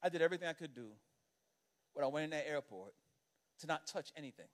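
A man with a noticeably high voice delivers a sermon in the manner of a storyteller. He talks conversationally and animatedly, peppering his lines with "right?" and "you know what I mean?" to pull the congregation along. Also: lively intonation, fast talker. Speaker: pastor.

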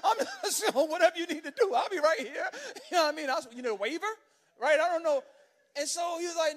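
A man with a noticeably high voice delivers a sermon in the manner of a storyteller. He talks conversationally and animatedly, peppering his lines with "right?" and "you know what I mean?" to pull the congregation along. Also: animated, brisk. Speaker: pastor.

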